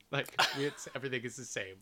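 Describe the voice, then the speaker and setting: A man from Canada co-hosting a casual podcast, blunt and quick to swear when something annoys him. His voice is bright and a little forceful, with a middle pitch for a man. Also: slight background noise. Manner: blunt, swears freely, ranting. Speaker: podcast co-host, actor.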